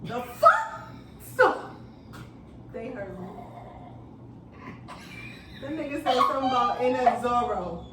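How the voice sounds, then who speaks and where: A woman with a high, swooping voice co-hosts a podcast, teasing and laughing as she chats. The sound is roomy and distant, with a steady hiss of noise underneath. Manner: teasing, laughs often, drawn-out word sounding. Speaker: podcast co-host. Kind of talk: casual chat. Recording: echoey room from far off with noise.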